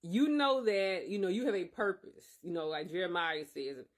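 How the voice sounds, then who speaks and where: A man's voice: high-pitched, normal speed. A man hosting a podcast, telling a personal faith testimony in an earnest, emphatic way. He often circles back and repeats his phrases. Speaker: podcast host.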